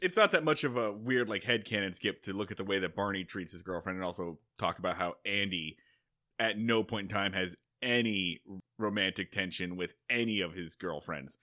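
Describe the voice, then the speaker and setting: A young adult man co-hosting a casual podcast chat, animated and quick to quote lines and joke about them. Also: deep voice. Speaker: podcast co-host.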